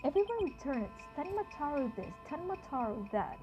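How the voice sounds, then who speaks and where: A weary young lawyer from a game who grumbles dryly at his situation, as a woman reads him. The voice is high with wide swings, and music plays behind it. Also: big pitch swings, a little fast, dull audio. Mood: exasperated.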